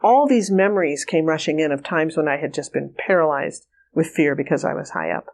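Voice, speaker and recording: A woman guest in a conversational interview, telling anecdotes with lively quoted dialogue and frequent laughter. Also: low voice, fairly quick. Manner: animated storyteller, acts out quoted dialogue, laughs often. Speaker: remote viewing trainer, guest.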